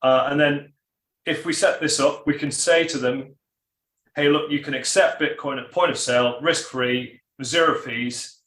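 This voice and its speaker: A man's voice: on the high side, fairly even intonation, unhurried, fairly bright tone, roomy sound, rough recording. A man in a casual group chat, talking enthusiastically in a rambling way, with many restarts and fillers.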